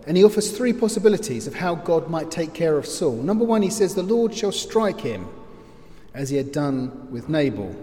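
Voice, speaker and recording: A man preaching in a slightly higher voice, his words ringing with a long hall reverb. He tells the story lively, now and then breaking into loud acted screams. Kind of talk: expository sermon.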